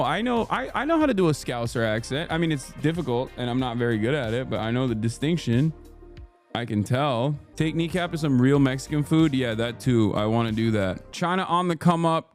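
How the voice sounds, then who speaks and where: A man's voice: a little high, expressive, normal speed, faint music behind. A man hosting a livestream, talking casually to his chat in a rambling, heated and jokey way. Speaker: livestream host.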